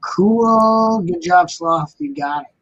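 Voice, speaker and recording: A man's voice: fairly high pitch, fairly even intonation, normal speed, lo-fi sound. A man hosting a casual live-stream chat, joking and rambling in a mock-grumpy way.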